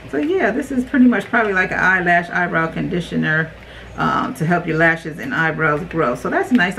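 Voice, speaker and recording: A young adult woman chatting casually while unboxing beauty products, rambling, her voice jumping high when she reacts. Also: fairly bright tone, a little hiss or hum, low-quality recording. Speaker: beauty vlogger.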